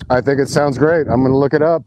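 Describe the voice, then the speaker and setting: A man with a mellow, dark voice chats as a podcast guest. He tells a rambling story with lots of restarts and some swearing. The sound is dry and close. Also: mid-range voice, quick pace, dry recording. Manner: rambling, restarts, profane, animated retelling. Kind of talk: casual chat, storytelling.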